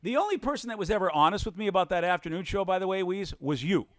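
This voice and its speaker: A man, a radio broadcaster, telling stories in casual podcast talk, animated, acting out quotes and laughing often. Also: fast talker, no echo, clean studio sound. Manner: animated, acts out quotes with big pitch swings, laughs often.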